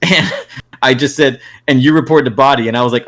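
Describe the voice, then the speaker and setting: A young man hosting a casual podcast chat, telling animated stories, acting out his friends' lines and laughing often. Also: medium pitch, fairly quick. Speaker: podcast host.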